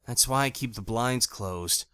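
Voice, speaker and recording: A male audiobook narrator voicing a fierce, blunt young woman with a hot temper who gives sharp, curt retorts. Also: medium pitch, a little slow, smooth, dry recording, studio quality. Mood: wry. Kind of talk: audiobook character voice.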